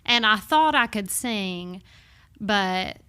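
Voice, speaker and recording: A woman's voice: medium pitch, expressive, slow pace, sharp tone, clean tone. A young woman with a Southern US accent, a podcast guest chatting casually and laughing at herself. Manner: chatty, laughs often, self-deprecating.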